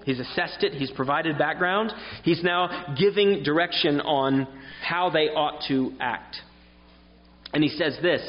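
Man, sermon, emphatic and earnest, slightly higher voice, long hall reverb, dull sound. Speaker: preacher.

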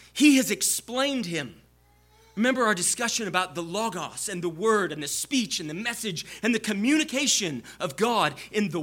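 Guy preaching a sermon, high bright voice, swoops up and down a lot, gets emphatic. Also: breathy edge. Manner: expository preaching, building to emphatic peaks.

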